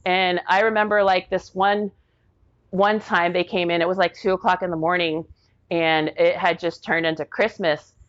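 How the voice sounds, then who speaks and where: Woman, 40s, veteran guest; low, rambling, casual storyteller; lo-fi recording. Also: steady tone, normal speed. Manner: rambling, heavy use of "like", acts out quoted people.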